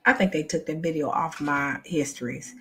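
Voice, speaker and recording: A woman's voice: deep voice, steady tone, moderate pace, breathy edge. A woman, hosting a casual chat for her viewers, exasperated and chatty, calling them y'all. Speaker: channel host.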